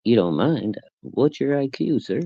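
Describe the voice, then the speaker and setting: Guy putting on a courteous robot bartender, higher voice, dry mic. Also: big pitch swings, measured pace, creaky, husky, dry recording, lo-fi sound, full character voice. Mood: polite. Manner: courteous, formal address. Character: polite robot bartender, male, smooth server.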